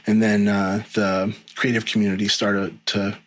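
A man's voice: on the low side, little pitch movement, a little slow, fairly bright tone, rough recording. A middle-aged man talking casually as a podcast guest, rambling with many ums and restarts. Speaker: guest, video editor.

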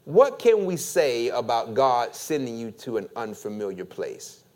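Pastor type, male, preaches slowly with a lively, rising and falling delivery. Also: mid-range voice. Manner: slow, deliberate preaching with call-and-response. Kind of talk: sermon.

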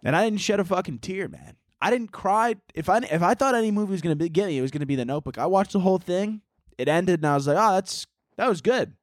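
A man's voice: high voice, animated, fast talker, darkish tone, no room sound, studio quality. A man hosting a solo comedy podcast, rambling in a goofy, crude way and slipping into mock-dramatic narration.

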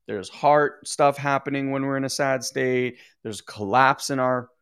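A man's voice: mid-range voice, fairly even intonation, measured pace, a bit bright, clean tone. A man speaking casually on a live stream as a meditation teacher, rambling and reading out viewer comments. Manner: rambling and conversational, often restarting sentences. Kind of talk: casual livestream talk to viewers.

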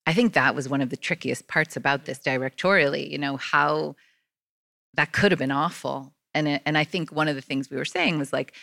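Woman director, bright voice, dry close mic; teasing then reflective. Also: low voice, a little fast, vocal fry, dry recording. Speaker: film director on a festival panel. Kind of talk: panel discussion.

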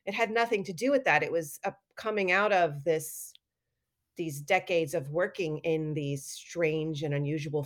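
A middle-aged woman telling stories in a casual interview, animated and acting out quoted lines with laughter. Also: deep voice. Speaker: guest artist and educator.

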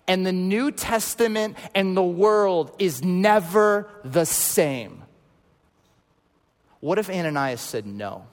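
Man, thirties, preaching a sermon, loud-to-hushed delivery, long hall echo. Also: high-pitched, expressive, slow pace. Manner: storytelling, swinging from loud to hushed. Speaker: pastor.

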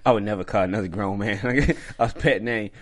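A man's voice: fairly low pitch, normal speed. A man on a TV aftershow panel, chatting casually with short interjections. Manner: short interjections, laughs often. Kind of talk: casual chat.

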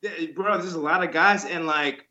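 A man in his thirties, a former wrestler guest chatting casually and acting out stories with lively voices. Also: on the high side, normal speed, highs cut off. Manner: animated storyteller, acts out quotes with voices. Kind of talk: casual interview chat.

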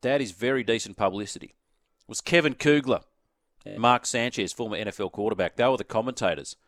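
A man's voice: on the low side, fast talker, fairly bright tone, no room sound, clean studio sound. Emphatic Australian male radio sports host. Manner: emphatic, repeats key phrases for effect. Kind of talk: opinion editorial on talk radio.

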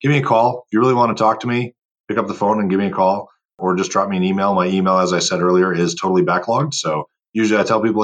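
A man's voice: sits low, fairly even intonation, fast talker. A man speaking as a guest in a casual podcast interview, emphatic and motivational. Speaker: guest, board game company owner.

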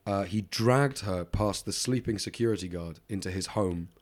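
Low-voiced man rambling through a crime story. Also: normal speed. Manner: rambling, lots of ums, laughs along. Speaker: podcast co-host. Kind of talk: casual true-crime storytelling.

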